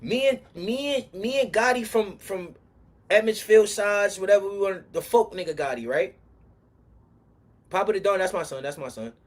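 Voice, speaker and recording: Husky New man rambling on a livestream. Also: lively intonation, normal speed. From Harlem, New York. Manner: rambling, slang-heavy, swings between low mutter and loud heated outbursts. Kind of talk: casual livestream storytelling.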